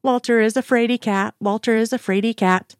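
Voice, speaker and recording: A woman voicing a playful, energetic female agent who coaxes and teases in a sing-song way, in an audiobook reading. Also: mid-range voice, normal speed, no room sound, clean studio sound, lightly acted. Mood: teasing. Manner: coaxing, sing-song teasing.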